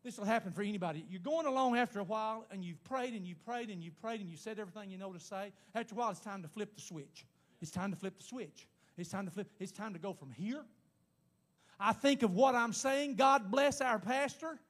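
Man, sermon, very high pitch, emphatic, repetitive. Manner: emphatic, repetitive, rising to shouts; pauses to speak in tongues. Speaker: preacher.

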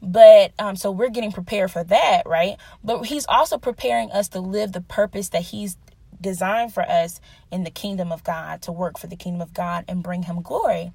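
Earnest young woman teaching, creaky husky voice. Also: mid-range voice, moderate pace, a little mellow, no room sound. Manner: earnest, conversational, laughing at herself. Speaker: Bible teacher. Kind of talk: devotional teaching with personal stories.

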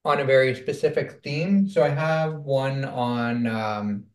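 Man from Canada, podcast co-host, mid-pitched, calm and halting, roomy sound. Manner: measured, hesitant with ums. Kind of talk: casual chat while baking.

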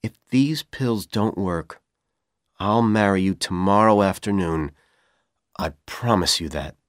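A man with a Persian accent voicing a manipulative young man who coaxes and pressures in a calm, persuasive tone. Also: lowish voice, slow pace, no echo, studio quality. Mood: cold. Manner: coaxing, then coldly insistent.

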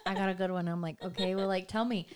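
A young woman co-hosting a casual podcast chat, telling stories in an animated, giggly way with lots of "like". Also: on the low side, fast talker. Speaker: podcast co-host.

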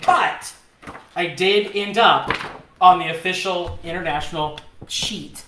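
A man co-hosting a podcast, telling a story in a casual, animated way, laughing often and mimicking the people in it. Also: sits high, takes it slowly, noisy background. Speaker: podcast co-host. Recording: roomy echo.

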